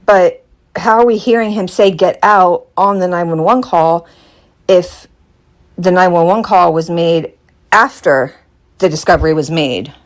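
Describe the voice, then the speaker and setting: A woman with a fairly low voice talks through a true-crime case on a live stream. She sounds puzzled and keeps asking her listeners whether they follow her. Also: measured pace. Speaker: host.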